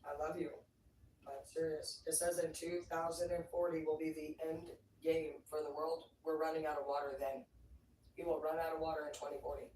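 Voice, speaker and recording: A livestreamer ranting in a rambling, profane, excitable way. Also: mid-range voice, a little fast. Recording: roomy echo, distant from the mic, faint noise.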